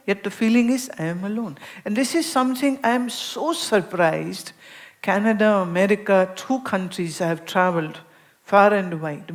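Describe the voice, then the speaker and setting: Woman giving an animated talk. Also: medium pitch. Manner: animated storytelling, acting out everyday dialogues; repeats words for emphasis. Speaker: spiritual teacher. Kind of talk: public talk to an audience.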